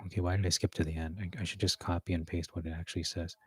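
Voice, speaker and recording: This deep-voiced preacher practices his sermon at a rapid-fire clip, his flat delivery carrying a breathy edge. Between hesitant fillers and self-corrections he reads verses aloud, captured dry and close with no echo from the room.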